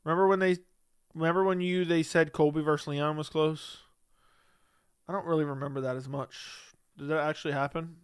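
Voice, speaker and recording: A man's voice: a little high, steady tone, brisk, clear, resonant tone, dry recording, studio quality. A man hosting a casual livestream, reading chat messages aloud and answering them in a blunt, dismissive way.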